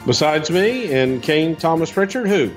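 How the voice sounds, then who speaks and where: A man co-hosting a podcast whose voice swings widely in pitch as he banters and tells stories. His delivery is lively and casual, with faint music behind him. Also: measured pace. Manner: animated, storytelling banter. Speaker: podcast co-host.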